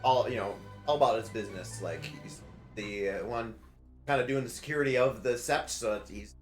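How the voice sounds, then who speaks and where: A man's voice: medium pitch, brisk. A man narrating a tabletop game as game master, hesitant and full of fillers. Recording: roomy sound with music behind.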